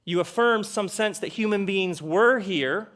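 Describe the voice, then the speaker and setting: A middle-aged man giving a live talk on a theater stage, conversational and jokey, with rhetorical questions and dramatic pauses. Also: sits high, a bit bright. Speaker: speaker addressing a live audience.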